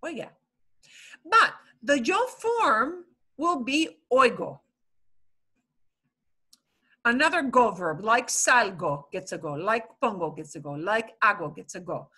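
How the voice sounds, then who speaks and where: Female language teacher, bright higher voice, slow and animated, patient explainer. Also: slightly rough. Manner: patient, explains slowly, repeats words. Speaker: Spanish teacher. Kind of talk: online language class.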